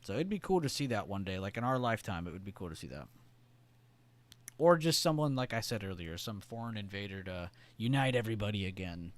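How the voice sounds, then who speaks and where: A man's voice: lowish voice, expressive, a little fast, no echo. A man hosting a live trading stream, chatting casually and reading out viewer comments in a rambling, joking and profane way. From United States.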